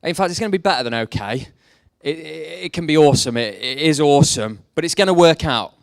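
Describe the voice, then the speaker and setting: A man's voice: on the high side, lively intonation, fairly quick, creaky, dry recording, studio quality. A young man preaching a sermon, mixing faith talk with self-deprecating jokes about his past. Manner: jokey, self-deprecating storytelling. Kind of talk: sermon with personal stories.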